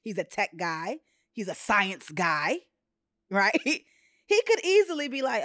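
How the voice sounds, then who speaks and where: A woman hosting a podcast, chatting casually and telling personal stories with expressive, quoted voices. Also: a little high, moderate pace, dry recording, studio quality. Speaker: podcast host. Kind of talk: casual chat.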